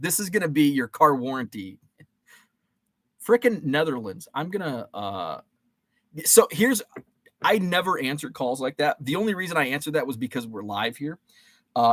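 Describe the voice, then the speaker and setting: A man's voice: a little high, fairly bright tone, no echo. A man in his forties hosting a casual live-stream chat, rambling and joking with many fillers and restarts.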